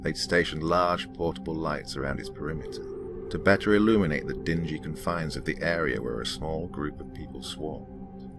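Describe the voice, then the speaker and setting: A man with a British accent narrating a horror story in slow, dramatic tones that sometimes drop to a whisper. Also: very deep voice, creaky. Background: ambient music with singing bowl.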